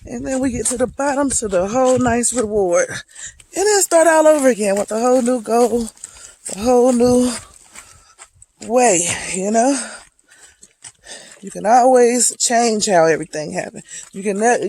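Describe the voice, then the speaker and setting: A hiking vlogger, speaking slowly and reflectively, encouraging viewers while out on a wooded trail near waterfalls. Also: mid-range voice, a little mellow, a little hiss or hum, poor audio. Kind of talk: motivational outdoor vlog.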